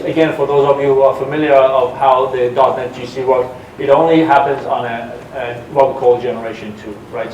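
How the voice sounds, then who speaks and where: A man's voice: medium pitch, a little mellow, a little hiss or hum. A man giving a technical talk at a developer conference, engaging the audience with questions and plenty of fillers and restarts. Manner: engaging, asks audience for shows of hands, many fillers and restarts. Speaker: conference presenter. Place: large conference hall. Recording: roomy hall sound, mic at a distance.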